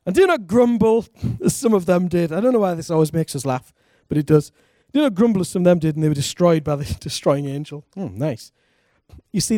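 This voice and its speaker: Pastor, slightly high voice, dry close sound, animated preaching with call and response. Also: male voice, no room sound. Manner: animated preaching, calls for congregation responses, laughs. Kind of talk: sermon.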